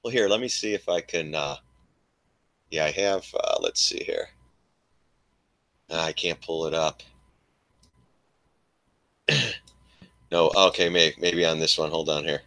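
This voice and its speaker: An older man hosting a casual live trading stream, talking in an animated, mocking way and laughing often. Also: a bass voice, slow pace, pauses often. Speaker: live stream host, trader.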